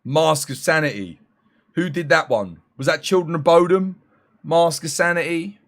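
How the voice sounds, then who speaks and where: Eighteen hours into his live stream, a man chats casually with viewers, his voice worn and fading. He jokes and thanks people by name in a drawn-out, weary way. His voice sits a little high with a fairly bright tone.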